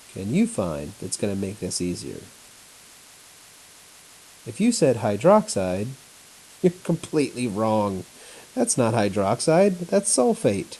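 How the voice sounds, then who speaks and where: A male teacher walking through a chemistry lesson at home on his laptop, in a flat, announcer-like voice. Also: medium pitch, poor audio. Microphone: laptop mic.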